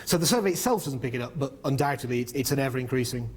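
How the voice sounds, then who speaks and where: A man's voice: mid-range voice, lively intonation, racing, a little hiss or hum. A man heading research, presenting an economic briefing and answering questions frankly, with lots of "um" and "you know". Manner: frank and talkative, with frequent fillers.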